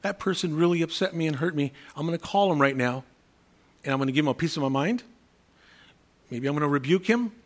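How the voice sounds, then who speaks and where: A man with a slightly raised pitch preaching a sermon. He talks in a conversational way, slipping into the voices of imagined people as he explains verses. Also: animated, quick pace, pauses often.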